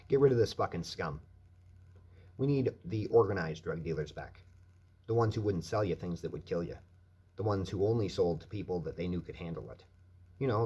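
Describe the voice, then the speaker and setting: A man's voice: sits low, a little mellow, husky. A man delivering a profane, angry rant as a vlogger, swearing constantly.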